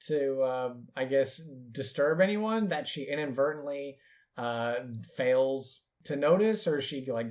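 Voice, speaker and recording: A man's voice: medium pitch, a little mellow. A man narrating his character in a tabletop role-play game, hesitant, with many fillers. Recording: dull lo-fi recording.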